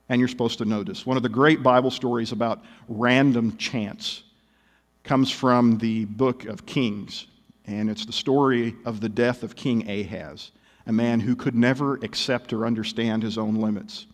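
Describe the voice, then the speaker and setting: A man's voice: medium pitch, animated, normal speed, in a large hall. A male pastor preaching a sermon, telling stories animatedly with wry humor.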